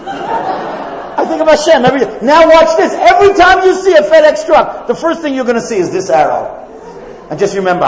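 Animated rabbi in an echoey hall. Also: male voice, very high-pitched. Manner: animated storyteller, acts out characters in the story, jokes. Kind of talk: lively sermon to a live audience. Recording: echoey hall, dull lo-fi sound.

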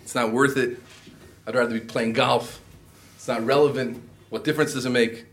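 A man's voice: mid-range voice, fairly even intonation, normal speed, fairly bright tone. A man teaching a Talmud class, mixing Aramaic and Hebrew phrases into his English explanations.

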